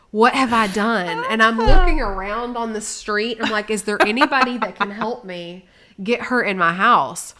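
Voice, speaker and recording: A woman co-hosting a casual chat, telling a story with lively acted-out quotes that rise in volume. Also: mid-range voice, slight background noise. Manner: animated, acts out quotes with rising volume. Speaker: co-host.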